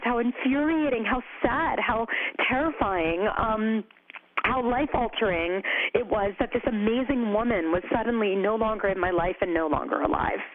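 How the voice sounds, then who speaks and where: Woman guest on a call, chatty and candid, says like a lot, tinny phone sound. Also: on the high side. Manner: candid, animated, frequent "like" and "you know". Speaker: podcast guest, co-founder of a grief community. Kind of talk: conversational interview.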